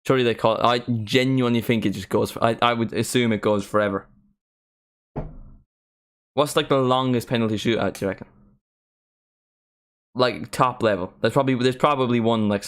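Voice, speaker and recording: A man's voice: fairly low pitch, smooth. A young man streaming a football watchalong, chatting casually with lots of "like" fillers. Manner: rambling, many "like" fillers, sings along at times. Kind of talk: casual live commentary and chat.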